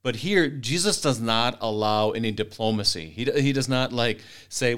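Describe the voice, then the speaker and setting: A man's voice: medium pitch, lively intonation, normal speed, few pauses, a bit bright. A man in a casual Bible study discussion, speaking conversationally and applying the passage to everyday life.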